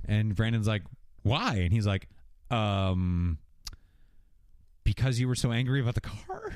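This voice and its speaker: A man's voice: on the low side, a little slow, long pauses. A man casually recapping a TV episode, acting out the characters' lines as he goes. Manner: animated storytelling, acting out characters' lines with swearing and laughter. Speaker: podcast co-host recapping a TV episode. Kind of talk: casual chat.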